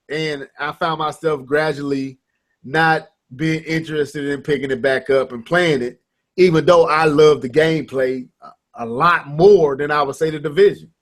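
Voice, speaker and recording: Brief: man in his thirties, gaming podcast co-host, slightly high voice, animated and rambling. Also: unhurried. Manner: animated storytelling, many restarts and quoted banter. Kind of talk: casual gaming podcast chat.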